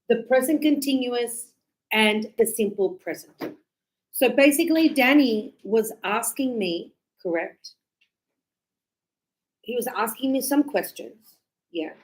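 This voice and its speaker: A woman's voice: a little high, low-quality recording. A woman teaching an English class in a classroom, acting out little dialogues and checking in with her students often. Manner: lively, acts out student dialogues with quick questions. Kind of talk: classroom lesson.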